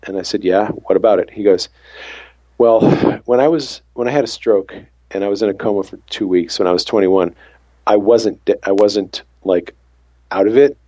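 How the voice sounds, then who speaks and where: Husky guy telling a faith story, does all the voices in the convo, dry close mic. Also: fairly low pitch, normal speed, no echo. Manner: lively storyteller acting out dialogue. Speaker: works on an ambulance. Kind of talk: storytelling testimony.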